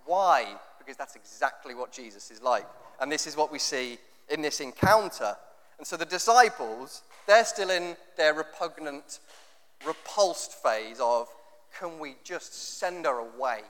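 In a hall with long reverb, an English pastor preaches with a slightly high, slightly bright, animated voice at a measured pace. His tone is conversational and jokey, and he acts out quotes as he goes.

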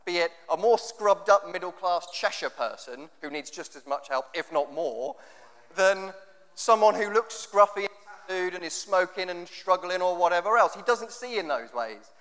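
Man, pastor, sermon, slightly raised pitch, long hall reverb. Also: lively intonation, normal speed, a bit bright. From England. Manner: conversational, jokey, acts out quotes.

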